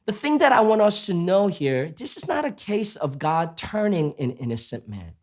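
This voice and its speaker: A man's voice: sits high, big pitch swings, moderate pace, darkish tone. A man preaching a sermon as pastor, emphatic and asking the congregation rhetorical questions.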